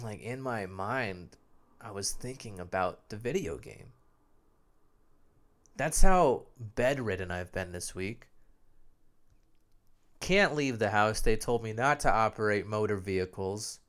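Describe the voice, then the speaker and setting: Under the weather, a young man runs his solo podcast with a lowish, fairly bright voice made nasal and phlegmy by a sore throat. The talk is loose and self-mocking, peppered with swearing.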